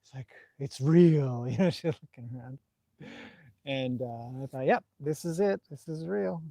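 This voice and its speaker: A man with a Canadian accent, hosting a casual live stream and reading out viewer comments in a relaxed, rambling way. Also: a little high, moderate pace, gravelly, no echo. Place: outdoors at a stable in the evening.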